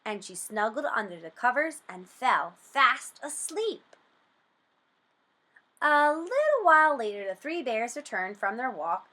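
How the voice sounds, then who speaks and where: A woman reading a storybook aloud for children, slow, expressive and sing-song, then asking comprehension questions. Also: a little high.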